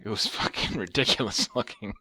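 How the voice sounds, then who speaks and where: A man's voice: fairly low pitch, brisk, bright, forceful tone, husky, no echo, studio quality. A man telling a story as a vlogger in a casual rant, sarcastic and profane.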